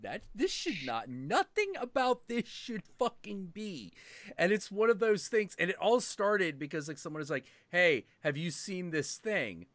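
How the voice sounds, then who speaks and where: A man's voice: high-pitched, moderate pace, dry recording. A man hosting a livestream, chatting casually and swearing often. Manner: animated, swears often, bursts into shouted impressions. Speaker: stream host.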